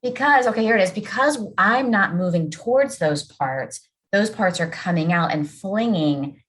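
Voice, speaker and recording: A woman's voice: medium pitch, animated, normal speed, fairly bright tone, low-quality recording. A woman hosting a podcast, thinking aloud and checking her understanding with her guest. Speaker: podcast host. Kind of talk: podcast conversation.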